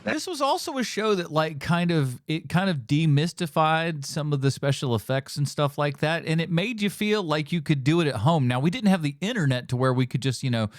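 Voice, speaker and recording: A man's voice: a little high, animated, a little fast, few pauses, no room sound, studio quality. A man hosting a podcast, chatting casually and joking as he reacts, rambling with restarts. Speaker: podcast host reacting to a show. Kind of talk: casual chat.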